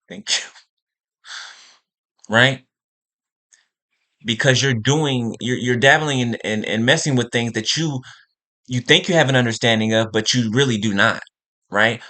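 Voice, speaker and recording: A man's voice: mid-range voice, bright, forceful tone. A man giving an impassioned spiritual monologue, repeating phrases for emphasis and checking in with "right?" and "okay?". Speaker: spiritual speaker.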